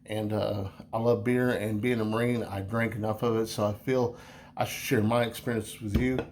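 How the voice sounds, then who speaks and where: A man's voice: on the low side, flat delivery, moderate pace, a little mellow, a little hiss or hum. Rambling, easygoing man reviewing beer. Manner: rambling, full of fillers and restarts; easygoing, chatty. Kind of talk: casual beer review vlog.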